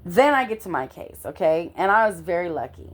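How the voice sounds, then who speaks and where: A middle-aged woman telling a personal story in an animated way, often checking in with the listener. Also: fairly low pitch, a little fast. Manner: animated, constantly checks in with "okay?".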